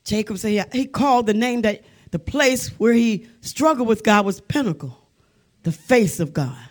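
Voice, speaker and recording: A woman preaching a sermon with fervent emphasis, building to loud exclamations and sometimes dropping to a hush. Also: on the high side, expressive, normal speed. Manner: drops to hushed tones for dramatic effect.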